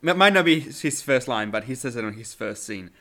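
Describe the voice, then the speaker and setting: Halting man on a film podcast. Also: mid-range voice, animated, bright, forceful tone. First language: not English. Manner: hesitant, many fillers and restarts. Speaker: podcast co-host. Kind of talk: casual film discussion.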